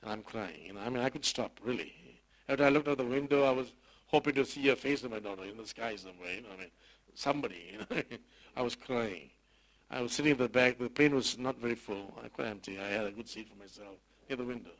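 A male pastor recounts a loss from the pulpit in an emotional, halting way. His voice sits in an ordinary middle register, and he often stumbles and repeats words before pressing on. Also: medium pitch, expressive, gravelly, fairly bright tone, rough recording. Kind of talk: sermon testimony.

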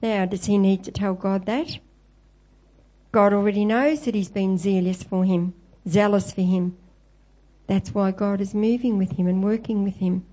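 Aussie woman giving a sermon, mellow soft tone, tells bible stories and lifts her voice on the quotes. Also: mid-range voice, steady tone, moderate pace, low-quality recording. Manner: storytelling, quoting scripture with lifted voice. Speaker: preacher.

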